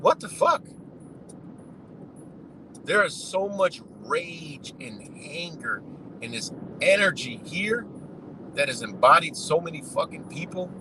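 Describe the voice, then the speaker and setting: A man's voice: on the high side, expressive, a little slow, sharp tone, a little hiss or hum, rough recording. A man giving a profane, rambling unscripted monologue, full of "you know" and "man".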